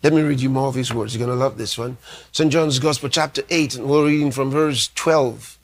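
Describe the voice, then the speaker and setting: A man's voice: medium pitch, fairly even intonation. A man preaching a sermon as a pastor, delivering emphatic lines, repeating key phrases and reading scripture aloud. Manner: reads scripture aloud slowly.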